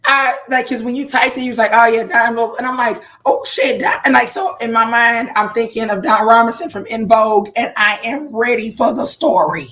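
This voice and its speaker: A woman co-hosting a casual podcast chat, voice going hoarse, animated with playful exaggerated reactions. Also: on the high side, brisk, hardly any pauses. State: losing her voice. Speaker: podcast co-host.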